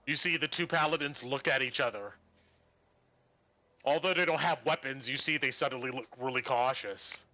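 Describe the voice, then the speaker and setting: A man's voice: mid-range voice, normal speed, sharp tone. A man narrating a tabletop game as game master, describing scenes and giving voice to crowd characters.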